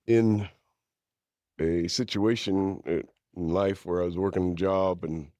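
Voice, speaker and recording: A man's voice: fairly even intonation, slow pace, dark tone, no room sound. A middle-aged man from the East Bay, telling his own story as a podcast guest in a candid, conversational way. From East Bay, California. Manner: candid storyteller, drops into higher-pitched impressions of others. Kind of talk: conversational interview. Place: podcast studio.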